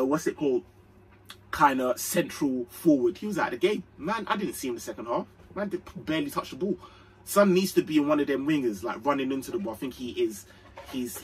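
A young man giving a casual, slangy, excitable football match reaction. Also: medium pitch, far from the mic, a little hiss or hum, poor audio. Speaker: fan channel host.

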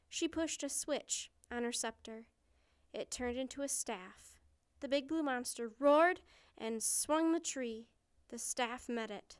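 A woman reads a children's storybook aloud in a high, clean voice. She takes her time and reads expressively, close to the mic. The room sounds dry. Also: no room sound. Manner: clear, expressive reading.

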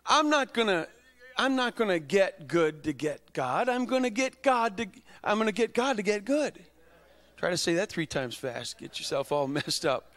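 High-voiced preaching man, impassioned. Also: big pitch swings, normal speed, a bit bright. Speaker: pastor. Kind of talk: sermon.

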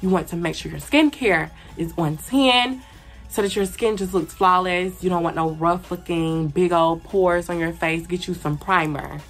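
A woman's voice: on the low side, normal speed, faint music behind. A young woman giving blunt, slangy, sassy advice in a casual vlog, repeating her points for emphasis. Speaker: beauty and advice vlogger.

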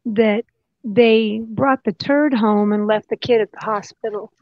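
A woman with a high, gravelly voice tells family stories and laughs along in casual chat. Her audio comes through dull and lo-fi, dry and with no room sound. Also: fairly even intonation, unhurried, dry recording. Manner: laughing storyteller.

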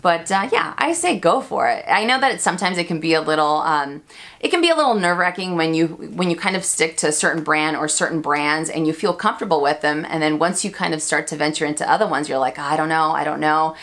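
Fast and expressive, a chatty luxury handbag YouTuber from the United States hosts a casual Q&A vlog in a low, slightly bright voice. She keeps laughing and making fun of herself.

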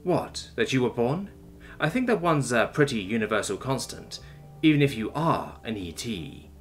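A man voicing a calm, patient male interrogator who questions mildly and evenly. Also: mid-range voice, normal speed, soft background music, lightly acted. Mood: calm probing. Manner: mild, even, coaxing questioning.

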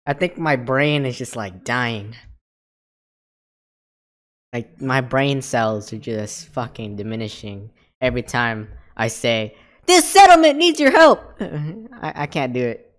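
A man's voice: medium pitch, slow pace, fairly bright tone. A man chatting casually while playing an online game, worn out and swearing freely. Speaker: gamer YouTuber.

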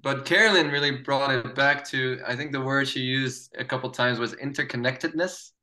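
Bright, forceful-voiced man on a panel. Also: medium pitch, moderate pace. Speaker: round table guest. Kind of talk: reflective panel discussion.

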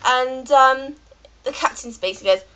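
A woman's voice: high-pitched, unhurried, pushed and bright, a little hiss or hum, rough recording. A British woman with a cold, ranting in a rambling, chatty vlog full of fillers. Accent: British English. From Britain. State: has a cold. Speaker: vlogger.

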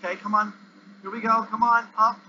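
A male gamer giving excitable commentary as he plays, yelping and groaning at the game. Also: high-pitched, a little fast. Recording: dull lo-fi recording with faint hiss.

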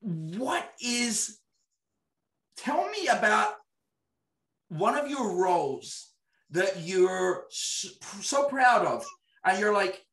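A man's voice: sits high, sing-song, drawn-out words, long pauses, fairly bright tone. Hesitant male interviewer in an echoey room. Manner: hesitant, many restarts and fillers. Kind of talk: casual interview questions. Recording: echoey room, voice distant from mic.

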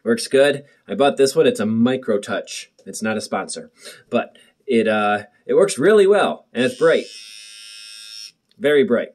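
Nervous, rambling man with a husky voice. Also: mid-range voice, lively intonation, a little slow, darkish tone. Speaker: vlogger. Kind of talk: casual chat to camera. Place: bathroom at home. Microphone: built-in camera mic, muffled.

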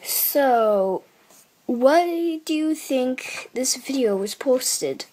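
Woman chatting slow and playful, kinda high voice, reaction video vibe. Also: animated, warm tone, slight background noise. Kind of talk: casual reaction video chat.

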